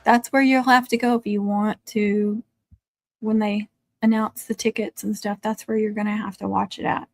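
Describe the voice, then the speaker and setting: A woman's voice: mid-range voice, flat delivery, moderate pace, dry recording. A woman chatting casually on a home livestream, laughing often and cooing at her dogs. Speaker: livestream host. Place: home, in the country.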